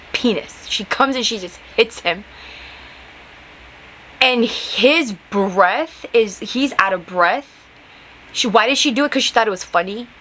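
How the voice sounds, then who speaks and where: A woman's voice: a little high, fairly bright tone, slight background noise, poor audio. A young woman hosting a talk show, telling a story in a casual, heated way, full of fillers and rhetorical questions. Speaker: podcast host.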